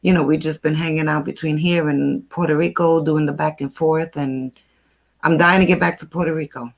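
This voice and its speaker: A woman's voice: deep voice, brisk, vocal fry. Chatty older New woman. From New York. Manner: chatty, animated storyteller. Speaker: host. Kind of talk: casual chat.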